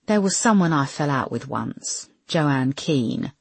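A grieving young mother, tense and defensive, as a woman narrator puts her on. Her husky voice climbs high when she protests and swings widely in pitch. The recording is close and dry. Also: lively intonation, slow pace, no echo, full character voice. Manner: emotional, higher and louder.

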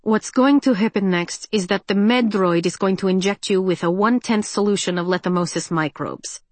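A woman voicing a cold, condescending male doctor who speaks calmly over a speaker. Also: mid-range voice, normal speed, dry recording, natural voice. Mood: clinical.

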